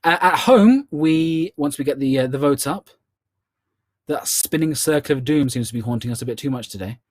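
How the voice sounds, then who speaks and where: Chatty Scottish quiz host, man, a little high-pitched, close and dry. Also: dry recording. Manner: chatty, repeats questions slowly. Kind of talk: online charity quiz hosting.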